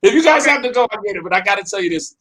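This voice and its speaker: A man hosting a talk show, chatting casually and bursting into loud, excited exclamations. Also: high-pitched, racing. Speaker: host. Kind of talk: casual chat.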